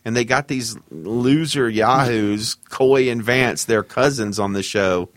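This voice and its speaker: A man's voice: mid-range voice, no room sound. A man co-hosting a podcast, teasing and joking in casual chat. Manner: joking, quick to tease. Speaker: podcast co-host.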